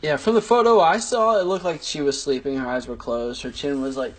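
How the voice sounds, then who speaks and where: A man's voice: fairly high pitch, steady tone, brisk. A man co-hosting a podcast in casual banter, rambling playfully and laughing often. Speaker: podcast co-host. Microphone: wireless mic.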